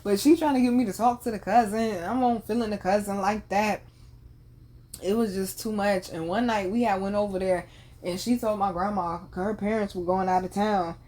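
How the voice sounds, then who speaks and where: A woman's voice: medium pitch, fairly even intonation, moderate pace, mellow. A woman in her thirties hosting a podcast, telling a family story in casual, profane slang and laughing often. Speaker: podcast host.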